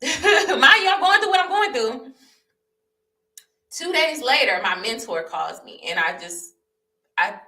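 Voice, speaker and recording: A woman's voice: low voice, creaky. A young woman vlogging her personal testimony, telling the story candidly and animatedly, repeating herself and laughing. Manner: animated, repetitive, laughing as she recounts. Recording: roomy echo, voice a bit far from the mic.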